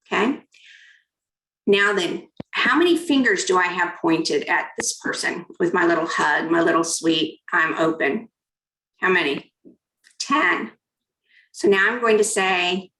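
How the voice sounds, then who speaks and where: A woman's voice: mid-range voice, moderate pace, pushed and bright, roomy sound, poor audio. A woman giving an interactive keynote on negotiation, coaching her audience through hand exercises and reading out their typed comments. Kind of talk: interactive online workshop talk.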